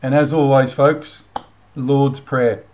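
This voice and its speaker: A man's voice: medium pitch, flat delivery, slow pace, a little mellow, low-quality recording. A middle-aged Australian man hosting a commentary channel, ranting bluntly with casual swearing, then leading a prayer. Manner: blunt, heated, swears freely. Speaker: channel host.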